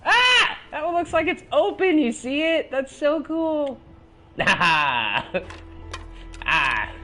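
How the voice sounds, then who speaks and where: A man's voice: very high voice, sing-song, slow, sharp tone, soft background music. Jumpy, swearing young man gaming. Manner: swears a lot, shrieks when startled, jittery and talkative. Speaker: gaming video host. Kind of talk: casual gameplay commentary.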